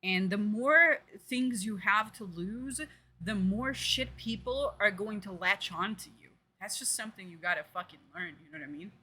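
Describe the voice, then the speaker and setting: A woman's voice: medium pitch, moderate pace, pushed and bright, a little hiss or hum. A woman streamer giving live reaction commentary, blunt and profane, full of fillers and emphatic outraged rants.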